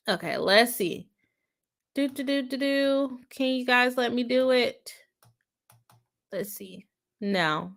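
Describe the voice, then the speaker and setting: Bright-voiced woman chatting on a livestream. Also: mid-range voice. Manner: laughs often, chatty and self-deprecating. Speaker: lawyer and livestream host. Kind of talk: casual livestream chat reading comments.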